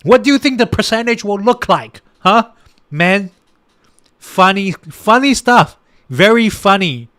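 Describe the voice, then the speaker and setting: A man's voice: sits high, animated, measured pace, a bit bright, no room sound, clean studio sound. A young man giving casual political commentary on a podcast, exasperated and ranting at his listeners, with many restarts and fillers.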